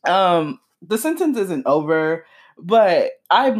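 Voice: medium pitch, lively intonation. Sarcastic commentator, laughing asides. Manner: sarcastic, laughs often, breaks in with quick asides. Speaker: pop culture commentator. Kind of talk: casual commentary, reading a post aloud.

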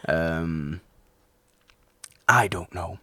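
A man's voice: deep voice, very slow, no room sound, clean studio sound. A man co-hosting a casual film discussion, rambling and often restarting his sentences. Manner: rambling, self-interrupting, animated.

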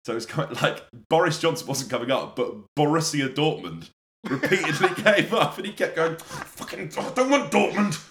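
A man's voice: fairly high pitch, lively intonation, fairly quick, fairly bright tone, roomy sound. A young man with a London accent, co-hosting a casual podcast with sweary, laughing banter. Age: young adult. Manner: laughing, sweary, mock-solemn asides. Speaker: podcast co-host.

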